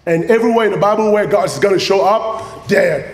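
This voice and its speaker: Animated high-voiced preacher in an echoey hall. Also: male voice, fairly quick. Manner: lively, animated, playful preaching. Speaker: pastor. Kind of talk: sermon. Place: church sanctuary. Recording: echoey church hall with faint ambience.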